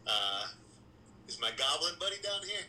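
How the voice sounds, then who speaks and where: A man's voice: fairly high pitch, sing-song, normal speed, bright, forceful tone, rough recording. A man playing a tabletop game, talking casually and hesitantly with filler sounds. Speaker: player.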